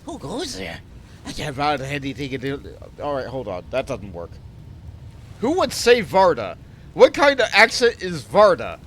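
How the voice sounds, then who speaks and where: A man giving casual, animated commentary while playing a building game. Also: medium pitch, moderate pace, slight background noise. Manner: animated, jumps between exclamations and mutters. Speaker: let's play streamer.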